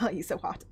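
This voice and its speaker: Giggly, excitable young woman streamer. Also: on the high side, husky. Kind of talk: casual gameplay commentary.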